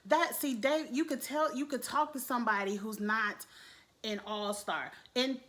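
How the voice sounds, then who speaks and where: Woman, casual commentary, blunt, animated, swears. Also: fairly high pitch, unhurried. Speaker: youtube reality show reviewer.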